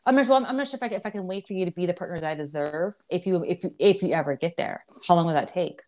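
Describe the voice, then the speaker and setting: A woman's voice: on the low side, very fast, a little mellow. A woman in her twenties hosting a podcast, chatting candidly with lots of swearing, restarts and laughter. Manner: candid, profane, laughs often, many restarts. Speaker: podcast host. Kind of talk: casual chat.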